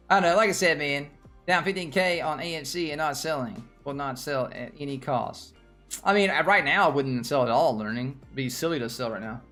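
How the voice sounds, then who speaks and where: Hosting a casual livestream on stocks, this man speaks with a Southern US accent in a fairly high, sharp voice at normal speed, with faint music in the background. He rambles on, repeats himself, and chats with those watching.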